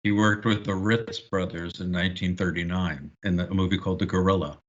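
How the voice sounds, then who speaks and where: A man's voice: sits low, fairly quick, muffled recording. A man as a guest film historian in a casual podcast discussion, telling stories with knowledgeable enthusiasm. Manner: animated, knowledgeable storyteller.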